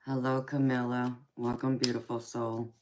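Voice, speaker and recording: Speaking at a moderate pace with slight background noise, this woman has an extremely low, darkish voice and a flat delivery. She hosts a live stream as a tarot reader, chatting casually in a Southern accent, laughing often and affectionately calling viewers honey and sweetheart; she's from California and grew up in Georgia.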